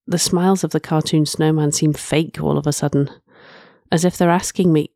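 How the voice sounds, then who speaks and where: Mellow woman narrating a story. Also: deep voice, steady tone, normal speed, dry recording, studio quality. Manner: soft, reflective, with frequent sighs. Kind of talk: first-person story narration.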